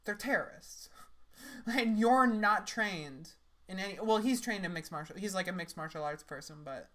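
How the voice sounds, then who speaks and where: Young woman streamer, sarcastic and rambly, middle-pitched voice. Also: lively intonation, moderate pace, fairly bright tone. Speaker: streamer reacting to clips. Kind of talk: casual reaction commentary.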